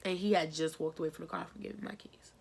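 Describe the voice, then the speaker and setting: A young woman from New Jersey vlogs a casual storytime for her viewers, her voice fairly low, gravelly and husky, moving at a quick pace. Animated throughout, she acts out the dialogue of the other people in the story, voicing them herself.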